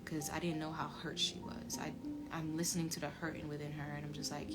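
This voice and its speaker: A woman's voice: level tone, fairly quick. Emphatic woman telling a story over music. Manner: emphatic, swinging from low muttering to loud outbursts. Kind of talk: emotional casual storytelling. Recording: music playing under the voice.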